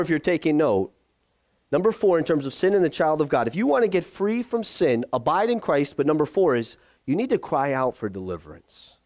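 A man preaching a sermon as pastor, conversational and lively, acting out the voices he quotes. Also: a little high, no echo, studio quality.

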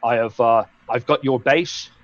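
A man's voice: mid-range voice, steady tone, a little slow, no room sound, dull audio. An English man co-hosting a casual live-stream chat, rambling and swearing freely as he acts out his own thoughts. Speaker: co-host.

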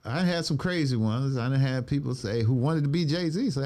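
A man hosting a casual interview, throwing in quick affirmations and playful questions. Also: mid-range voice, mellow. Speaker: podcast host.

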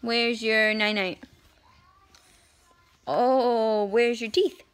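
A woman's voice: on the high side, steady tone, extremely slow, clear, resonant tone. A young mother, playfully coaxing her toddler to say words in a casual home vlog. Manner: sing-song baby talk, playful and coaxing. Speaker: vlogger, mother.

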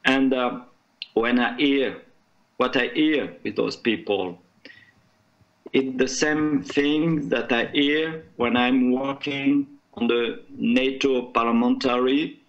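A man from France with a French accent, speaking as a conference panelist in halting English, searching for words. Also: medium pitch, steady tone, highs cut off. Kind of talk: panel discussion remarks.

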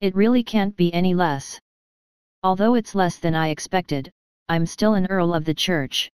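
A woman voicing a shrewd young male lord who talks in a measured, bargaining way. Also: fairly low pitch, darkish tone, smooth, no echo, lightly acted.

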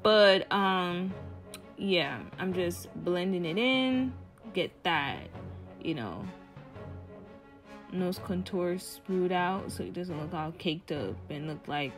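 A woman's voice: fairly low pitch, expressive, takes it slowly, pitched below the performer's own voice. A young woman talking through her makeup in a put-on mock British accent, chatty and explanatory. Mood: playful. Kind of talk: casual makeup tutorial chat. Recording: music playing behind.

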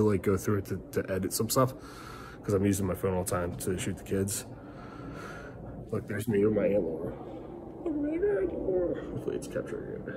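A man's voice: fairly low pitch, background noise. A middle-aged man vlogging a frustrated, rambling rant to the camera, repeating himself and swearing, recorded on a phone. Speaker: family vlogger.

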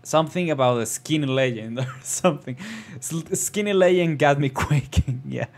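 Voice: mid-range voice, moderate pace. A let's play host commenting on a story game, joking and laughing as they go, also reading the game's narration aloud. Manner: joking, laughs mid-sentence.

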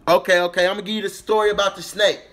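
A man's voice: high voice, flat delivery, very fast, a bit bright. A man hosting a casual livestream, rambling through a monologue and talking to his chat, with a filler phrase he keeps repeating. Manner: rambling, repeats "you get what I'm saying", talks to chat. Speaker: livestream host.

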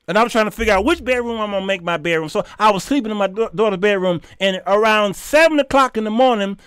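Man, middle-aged, smooth clear voice, dry close mic, animated preachy host. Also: high-pitched, fast, dry recording. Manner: animated, preachy storytelling with shouts and asides. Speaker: show host. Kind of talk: storytelling commentary.

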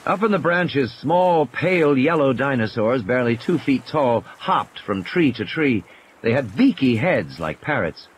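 A man reads an audiobook aloud, measured and expressive. His middle-pitched voice moves through a lively range over a faint background noise. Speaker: audiobook narrator. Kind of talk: audiobook narration.

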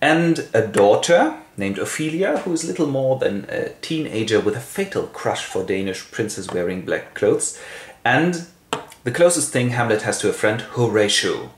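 A man from Germany with a German accent, hosting a comic literary summary with wry, deadpan asides. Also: mid-range voice, moderate pace, reverberant. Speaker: host and narrator.

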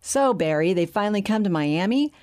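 A woman's voice: mid-range voice, expressive, brisk, a little mellow, voice pushed up, natural voice. A woman reading the lines of a stocky male banker who quips wryly. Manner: wry, quipping.

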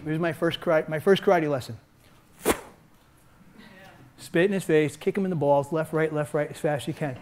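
Energetic older man coaching fighters. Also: high voice. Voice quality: energetic, punctuates with shouted sound effects and frequent "right?". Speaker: martial arts coach. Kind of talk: hands-on seminar teaching.

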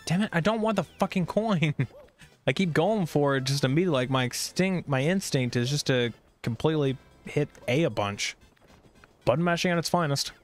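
Over soft background music, a slightly high male voice with lively intonation talks at normal speed. He's streaming a video game casually, grumbling and cursing through a rambling, irritable commentary.

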